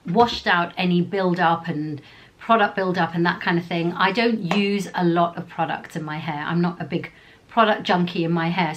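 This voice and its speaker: A woman talking casually to camera as a beauty vlogger, chatty and rambling, often correcting herself mid-sentence. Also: lowish voice. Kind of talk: casual vlog chat to camera.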